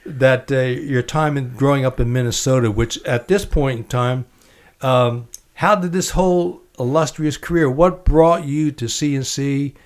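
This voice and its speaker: A man hosting a podcast interview in a relaxed, chatty way. He laughs easily and reads passages from a book aloud. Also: mid-range voice, normal speed. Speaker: podcast host.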